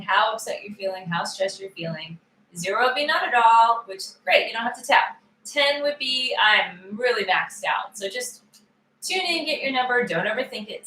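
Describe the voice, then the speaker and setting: A woman coaching a guided tapping session, calmly voicing upset feelings aloud for listeners to repeat. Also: fairly high pitch, reverberant, a little hiss or hum, poor audio.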